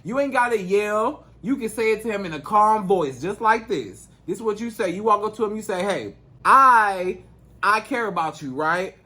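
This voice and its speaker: A man's voice: high-pitched, lively intonation, brisk, hardly any pauses, a bit bright. A man speaking as a dating coach, giving emphatic, repetitive advice straight to camera in casual slangy speech. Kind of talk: direct-to-camera advice monologue.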